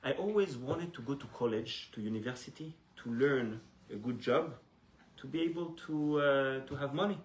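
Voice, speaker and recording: A man voicing a humble, hopeful hotel servant in a story, speaking haltingly. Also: medium pitch, reverberant, close to an everyday voice, low-quality recording.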